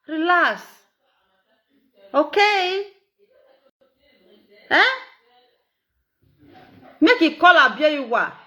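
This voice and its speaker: A middle-aged Nigerian woman with an Edo accent, talking in a casual, animated, repetitive way and laughing often. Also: sits high. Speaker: social media live streamer. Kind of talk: casual monologue in Pidgin and Edo.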